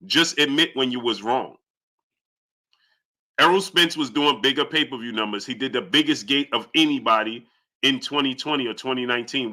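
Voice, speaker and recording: Bright-voiced, fired-up boxing host. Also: male voice. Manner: heated, argumentative, rising pitch when indignant. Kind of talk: live-stream commentary.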